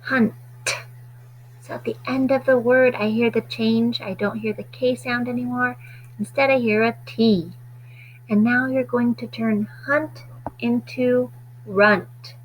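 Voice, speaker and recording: A woman teaching a phonics lesson to children, stretching out sounds slowly and deliberately. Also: fairly high pitch, a little hiss or hum, low-quality recording.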